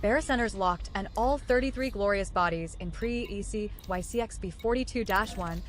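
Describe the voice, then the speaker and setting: A woman's voice: mid-range voice, moderate pace, close to an everyday voice. A woman voicing a wry female ship computer companion in a space game, delivering dry, sarcastic quips between status reports. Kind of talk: game voice lines.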